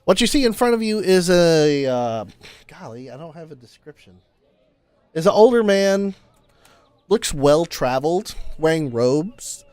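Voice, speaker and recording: A man narrating as game master in a casual, halting way. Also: on the high side, sing-song, darkish tone, clear, resonant tone, dry recording.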